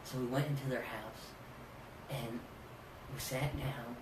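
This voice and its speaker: A man telling rambling comedic stories as a podcast guest, halting with many fillers. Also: medium pitch, steady tone. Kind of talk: casual comedic storytelling. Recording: echoey room, far from mic, background noise.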